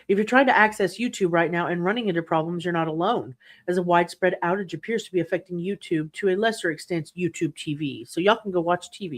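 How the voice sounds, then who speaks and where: A woman hosting a livestream, chatting casually and snarkily while reading viewer comments, laughing often. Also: lowish voice. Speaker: true crime livestream host.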